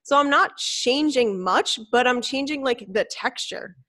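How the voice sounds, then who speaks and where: A woman's voice: sits high, expressive, unhurried, sharp tone. A young woman co-hosting a podcast in casual chat, blunt and emphatic, swearing freely as she gives fitness advice. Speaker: podcast co-host.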